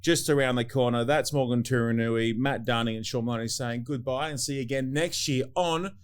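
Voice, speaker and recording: Upbeat Australian host signing off. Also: male voice, mid-range voice, fairly quick, clean tone. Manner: upbeat, wrapping up and plugging shows. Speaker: show host. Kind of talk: casual podcast hosting.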